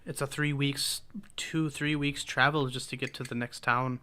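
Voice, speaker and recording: A man's voice: medium pitch, flat delivery, moderate pace, sharp tone, clear, resonant tone, close to an everyday voice. A man voicing a careworn male village farmer, pleading and worried as he questions why it falls to him. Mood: despairing.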